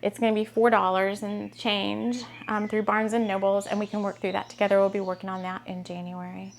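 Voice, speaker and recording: A woman's voice: mid-range voice, little pitch movement, a little fast, vocal fry, a little hiss or hum. A woman hosting a spiritual podcast, chatting casually to camera in a rambling, giggly, gushing way.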